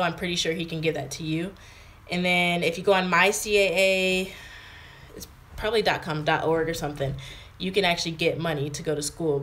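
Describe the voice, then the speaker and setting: A young American vlogger in her twenties livestreams from indoors at her home in England, reading and replying to viewer comments. Her voice sits low with a fairly bright tone, and she uses lots of fillers.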